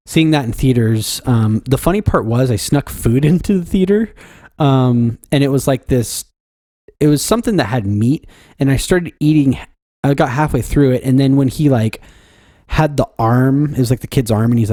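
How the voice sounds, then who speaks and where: Male co-host, mid-pitched warm mellow voice, relaxed rambling chat, dry close recording. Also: moderate pace, dry recording. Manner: laid-back and rambling, heavy on fillers and restarts. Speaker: podcast co-host. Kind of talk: casual chat.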